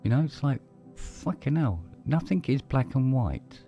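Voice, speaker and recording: A man's voice: medium pitch, very animated, a little slow, dark tone, lo-fi sound, faint music behind. A middle-aged man telling a rambling story in casual chat, swearing freely and restarting his sentences. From London, England. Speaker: podcast co-host.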